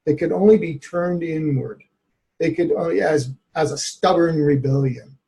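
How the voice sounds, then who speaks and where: A man's voice: on the high side, moderate pace, vocal fry, mellow. A man, a therapist, telling a candid personal story in an interview, reflective and laughing at times. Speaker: therapist guest.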